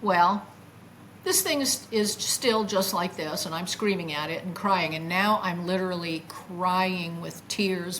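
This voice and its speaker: A woman's voice: unhurried, a little hiss or hum, low-quality recording. Older woman telling her story with feeling. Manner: animated, acts out her own past words with big jumps in pitch. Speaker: guest recounting a near-death experience. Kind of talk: emotional first-person storytelling.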